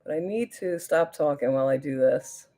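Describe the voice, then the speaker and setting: A woman with a New Jersey accent talks casually through a get-ready-with-me livestream, reading viewer comments aloud. Her voice sits low and has a gravelly, fried edge. She often loses her thread mid-sentence while she works on her makeup. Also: normal speed, mellow. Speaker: beauty livestream host.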